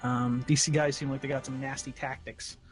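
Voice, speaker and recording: A man's voice: medium pitch, level tone, moderate pace, faint music behind. A man narrating as game master, laid-back and often chuckling.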